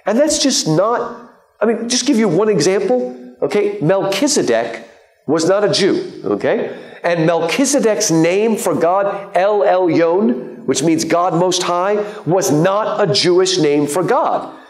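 A man giving a live lecture to an audience, lively and joking, with many fillers and asides. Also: high voice, unhurried. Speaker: guest lecturer. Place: lecture hall. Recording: echoey lecture hall.

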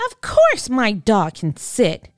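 A woman voicing a spiteful, sulky young girl with a shrill, whiny voice in a children's storybook. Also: wildly swooping pitch, takes it slowly, no room sound, clean studio sound, soft background music, heavily acted.

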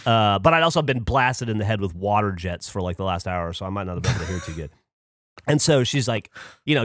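A man co-hosting a podcast, telling a long story in casual chat with lively, animated delivery and free swearing. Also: lowish voice, quick pace, no room sound, clean studio sound. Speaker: podcast co-host.

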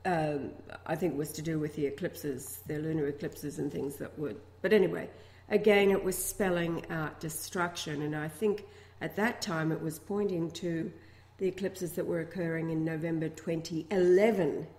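A woman co-hosting a talk-radio show, speaking in a measured, matter-of-fact way. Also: low-pitched, steady tone, darkish tone, reverberant. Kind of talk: casual talk-radio chat.

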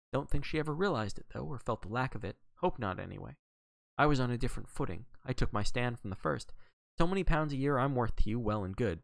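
A man reading a novel aloud, voicing a gruff, blunt middle-aged Englishwoman with a snappish, scornful manner. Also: medium pitch, no room sound, voice pushed up. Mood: gruffly fond.

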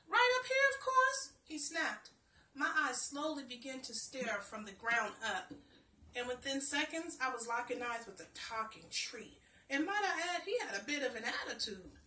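A woman storyteller, chatty and expressive, reading her own children's story aloud. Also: fairly high pitch, normal speed, roomy sound, recorded from a distance.

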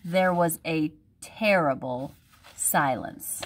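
A woman, a teacher, reading a picture book aloud at home for her class in a gentle storytelling manner. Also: low voice, slow pace, slight background noise.

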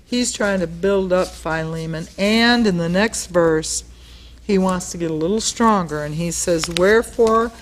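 Lower-voiced woman pastor teaching Bible study. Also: unhurried. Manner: conversational, explains word meanings, acts out quotes. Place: studio.

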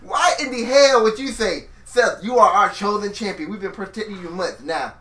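A man's voice: sits high, moderate pace, fairly bright tone. A man co-hosting a casual wrestling chat, opinionated and ranting, swearing freely. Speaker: podcast co-host.

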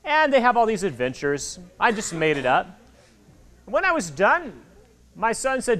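A man in his forties giving an animated talk to children at a library, acting out the voices in his stories. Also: sits high, normal speed. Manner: animated storytelling, acts out quoted voices. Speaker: author speaking to kids. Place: public library hall. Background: audience of children.

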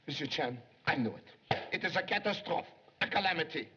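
Brief: male actor as eager, jumpy young police clerk, raised pitch, lively swoops, muffled old film sound. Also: a little fast, noisy background, close to an everyday voice. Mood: excitable. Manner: jumpy, flustered, pleading. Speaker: police secretary. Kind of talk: 1930s film acting. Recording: dull 1930s film soundtrack.

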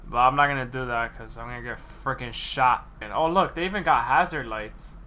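A young man streaming gameplay, chatting casually and excitedly with slang and frequent laughs. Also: medium pitch, brisk.

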